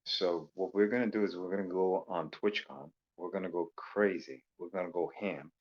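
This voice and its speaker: A man from Louisiana calls in over a voice chat. He rambles and jokes, with plenty of "um"s. His voice is very low, and the call audio sounds a bit dull and muffled. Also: normal speed, a little hiss or hum. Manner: rambling, joking, many fillers. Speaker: caller. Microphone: voice call microphone.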